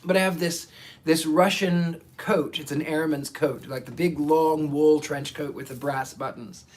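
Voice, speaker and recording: A man's voice: on the high side, steady tone, unhurried, a little hiss or hum. A man hosting a psychic livestream, chatting casually and reading viewer comments in a theatrical, affectionate way, often stammering and restarting.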